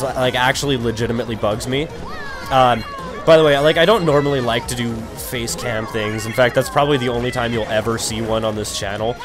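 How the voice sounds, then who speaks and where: A young man rambling through casual gaming commentary, profane and over-caffeinated, with sudden raging outbursts. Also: medium pitch. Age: young adult. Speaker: let's play commentator. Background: game music.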